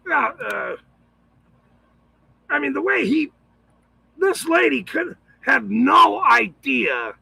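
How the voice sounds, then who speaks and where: A man with a very gravelly, strikingly high voice rants in loose, profane commentary. His tone is cutting and sharp, and the recording is dry and close. He shouts often and breaks into laughter between thoughts. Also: no echo, rough recording.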